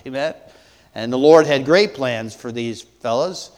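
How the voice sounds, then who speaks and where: Pastor, man, sermon delivery, smooth resonant voice, hesitant with fillers, long hall reverb. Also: medium pitch, darkish tone. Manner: halting, many fillers and restarts, rhetorical questions.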